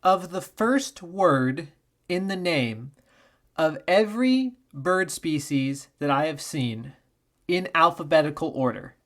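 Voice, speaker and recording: A woman reading a long list of words aloud in one steady take, in a plain, deadpan recitation. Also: deep voice, slow pace. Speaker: channel host.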